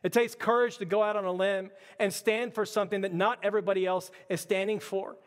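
A man's voice: high-pitched, steady tone, fairly quick, big-room sound. A man preaching a sermon as pastor, emphatic and repetitive, with stammered restarts.

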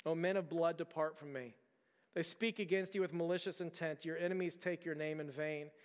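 A man's voice: a little high, fairly even intonation, brisk, in a large hall. A man preaching a sermon as a pastor, telling a story earnestly with frequent repeated words and restarts.

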